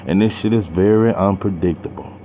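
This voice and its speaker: A man talking slowly and heavily to his channel viewers, pausing and sighing between halting phrases full of slang. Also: low voice, mellow, slight background noise. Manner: slow, heavy, halting with sighs and slang. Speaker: boxing channel vlogger. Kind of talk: personal vlog talk to camera.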